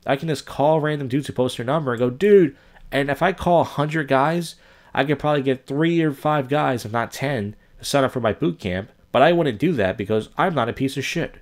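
A man's voice: mid-range voice, a little fast. A young man hosting a solo podcast, rambling through a long story and acting out the people he quotes. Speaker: podcast host.

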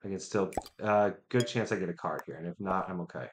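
A man streaming a strategy game, thinking out loud, muttering to himself and trash-talking opponents. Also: deep voice, a little fast, background noise. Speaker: gaming streamer. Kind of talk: live gameplay commentary.

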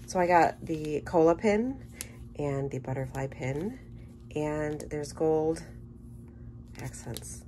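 A woman chatting casually through an unboxing, gushing with enthusiasm and dropping into soft murmured asides. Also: low-pitched, takes it slowly, background noise. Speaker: scrapbooking vlogger.

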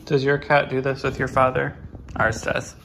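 A man's voice: medium pitch, little pitch movement, normal speed, vocal fry, a bit bright. A man hosting a family vlog, chatting upbeat to the camera. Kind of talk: casual vlog narration. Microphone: handheld phone camera. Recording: noisy phone video audio.

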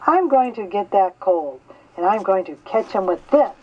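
An older woman voicing an eager, stubborn little boy raccoon in a storybook reading, speaking excitedly and insistently. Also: medium pitch, normal speed, natural voice. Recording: slightly dull lo-fi recording.

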